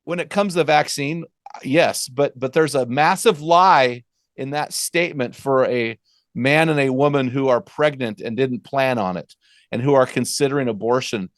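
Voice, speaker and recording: A man's voice: medium pitch, normal speed, no room sound, clean studio sound. A man hosting a podcast interview, talking earnestly and stressing his points. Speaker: podcast host. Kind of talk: conversational interview.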